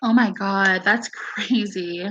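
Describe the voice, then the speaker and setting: A woman vlogging to her viewers in a casual, rambling, excitable way, swearing now and then. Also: medium pitch, takes it slowly, lo-fi sound, a little hiss or hum. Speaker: video blogger.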